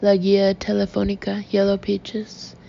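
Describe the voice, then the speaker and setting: A woman's voice: medium pitch, completely flat delivery, unhurried, vocal fry, mellow, slight background noise. A woman voicing a man who fakes a German accent in broken English, blurting his lines, on a dull lo-fi recording. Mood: flustered. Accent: fake German. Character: man faking a German tourist.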